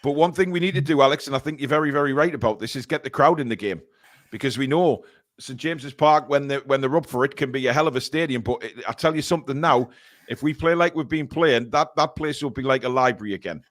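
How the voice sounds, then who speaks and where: A man's voice: medium pitch, quick pace, a bit bright, dry recording, clean studio sound. Blunt man hosting a fan podcast. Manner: blunt, opinionated, reads viewer messages aloud. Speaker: podcast host. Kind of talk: casual fan podcast chat.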